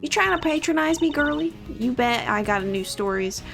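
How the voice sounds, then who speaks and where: A woman's voice: sits high, animated, brisk, gravelly, fairly bright tone, soft background music, voice pushed up, exaggerated voice. A woman reading game dialogue aloud as a brash, folksy female reporter with teasing slang.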